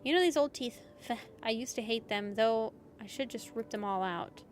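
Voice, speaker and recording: A woman's voice: fairly high pitch, normal speed, faint music behind, natural voice. A woman playing a cryptic old granny. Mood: rueful. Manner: folksy, calls the listener dearie. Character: creepy old grandmother, cryptic and teasing. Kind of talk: dramatic game voice acting.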